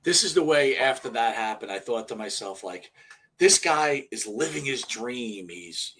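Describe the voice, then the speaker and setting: A man co-hosting a podcast in casual chat, excitable and swearing freely, often checking in with his co-host. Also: mid-range voice, unhurried, slight background noise.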